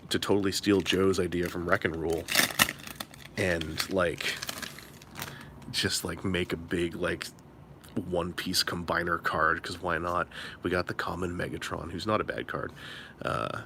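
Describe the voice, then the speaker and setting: A man chatting on a late-night live stream while opening card packs, rambling and low-key, keeping his excitement in check, from a hotel room. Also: slight background noise.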